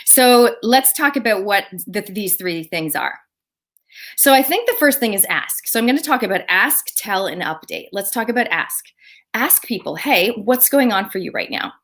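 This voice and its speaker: An enthusiastic woman business coach speaks live to her online audience. Her delivery is upbeat, with lively rises and dips as she addresses viewers directly. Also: medium pitch, normal speed. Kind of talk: Facebook live coaching talk.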